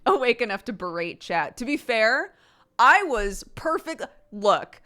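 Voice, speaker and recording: Lively, laughing woman streamer. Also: a little high, a little slow. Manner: laughs often, teasing and self-mocking. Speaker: livestreamer. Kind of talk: casual chat with viewers.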